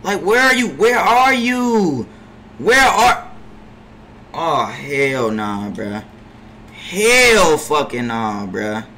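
A young man streaming a basketball game, cursing at teammates, trailing into low mutters, sometimes shouting from farther off the mic. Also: very animated, extremely slow, slight background noise. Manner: frustrated trash talk, profanity-heavy, drops into low mutters; bursts into far-off shouts at teammates. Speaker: gaming streamer. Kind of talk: live gameplay commentary.

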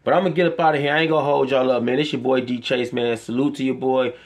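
A man's voice: medium pitch, fairly even intonation, fast talker. A man, giving an impassioned, profane monologue to his viewers as a vlogger. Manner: impassioned, profane, preachy ranting. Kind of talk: emotional monologue to camera.

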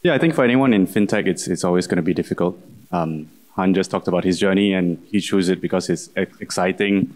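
Wry low-voiced man on a panel. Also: quick pace, a little mellow. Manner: candid, wry and sarcastic asides. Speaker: panelist, company country manager. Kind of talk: panel discussion answer.

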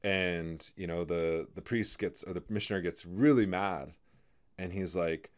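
A man hosting a podcast, talking through ideas in a halting way, full of fillers and restarts. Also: low-pitched. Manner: halting, many "you know" fillers and restarts. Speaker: podcast host. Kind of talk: in-depth conversational discussion.

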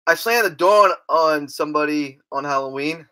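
Woman rambling thru goofy jokes, brash and crude, sharp bright voice. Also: low voice, fairly quick, few pauses. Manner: rambling, stumbling storytelling with restarts. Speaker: comedian. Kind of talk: stand-up style comedy bits.

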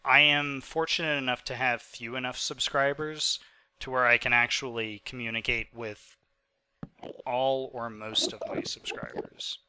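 A man's voice: mid-range voice, little pitch movement, unhurried, sharp tone, clean tone. A man of twenty-five, sick and hiccuping, giving rambling, chatty commentary over his own gameplay footage with many fillers. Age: 20s. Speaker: gaming channel host. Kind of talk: casual post-recorded gameplay commentary.

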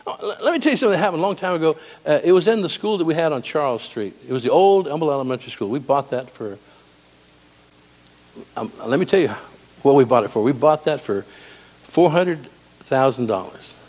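A man preaching a sermon in a church, animated and storytelling with humor. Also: fairly high pitch. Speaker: pastor. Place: church sanctuary.

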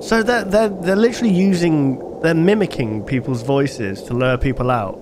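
A man's voice: fairly high pitch, lively intonation, moderate pace, background noise. A man hosting a reaction video, chatting casually and joking along with what he watches. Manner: chatty, laughs and jokes along.

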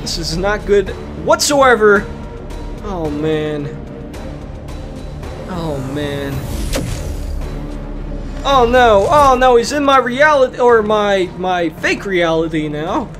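A young gamer giving casual let's-play commentary, excitable and full of exclamations. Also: mid-range voice, takes it slowly, pauses often. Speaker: gaming commentator. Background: game music.

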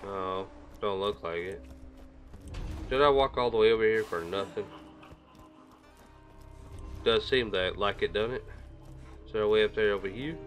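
A man's voice: fairly low pitch, moderate pace, long pauses. A man casually commenting on his own gameplay in a rambling, chatty way, with his microphone set a little way off. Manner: chatty, rambling, talks to himself. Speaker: gaming video creator. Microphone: desk microphone set a little far away. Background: game music.

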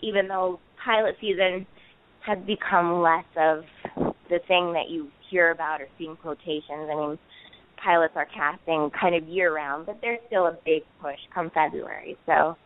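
A woman's voice: lowish voice, fairly even intonation, normal speed. A woman in her thirties, an actress being interviewed, talking casually with lots of fillers and restarts. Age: 30s. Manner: chatty, many fillers and restarts, playful. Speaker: actress guest. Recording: phone line.

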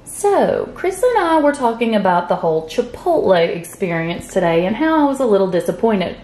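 A woman's voice: medium pitch, big pitch swings, normal speed, darkish tone. A woman with a Southern US accent, chatting casually while reviewing keto snacks for her vlog. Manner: chatty, laid-back, talks while chewing. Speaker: keto vlogger. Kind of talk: casual chat, food review.

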